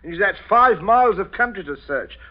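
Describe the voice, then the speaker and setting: An actor playing a polite, murderous middle-aged father who chuckles with calm menace, in 1940s radio drama acting. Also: high-pitched, fast. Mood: genial. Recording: dull, faintly hissy old radio broadcast.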